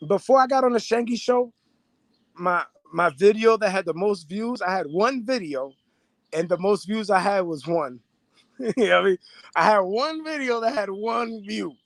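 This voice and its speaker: A young man with a high voice chats straight to his viewers in a loose, streetwise, profane way, circling back to the same phrases. The sound is dry, with no room around it. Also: no room sound. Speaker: vlogger. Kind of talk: casual monologue to viewers.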